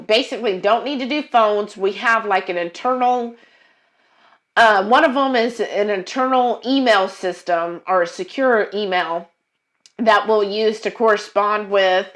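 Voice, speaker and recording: A woman's voice: mid-range voice, fairly bright tone. A woman co-hosting a livestream, chatting casually and reading viewer comments aloud, with frequent fillers and quoting herself. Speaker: co-host of a cooking livestream.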